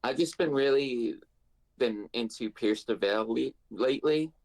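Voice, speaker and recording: A man's voice: medium pitch, a little slow, darkish tone. A man who is a member of a book club, chatting in a laid-back, joking way during a live stream. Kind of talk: casual chat.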